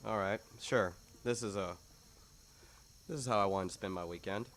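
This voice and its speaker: A man's voice: lowish voice, normal speed, fairly bright tone, slight background noise, voice pushed down. A man voicing Gabriel, a weary, sarcastic male researcher dragged into danger. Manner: sarcastic, grumbling.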